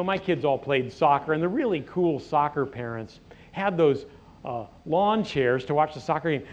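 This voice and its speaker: A middle-aged man preaching, retelling a scripture story in a folksy, animated way with jokes and asides. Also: a little high. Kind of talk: storytelling sermon. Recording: dull lo-fi recording.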